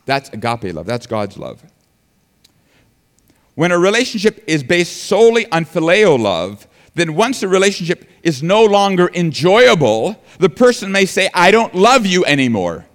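A man's voice: high voice, very animated, moderate pace, fairly bright tone, in a large hall. A man preaching a sermon earnestly, building emphasis and sometimes restarting his words. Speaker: pastor.

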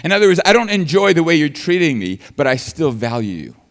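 A man's voice: on the high side, sing-song, fast talker, in a large hall. A man preaching a sermon earnestly, building emphasis and sometimes restarting his words. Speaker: pastor.

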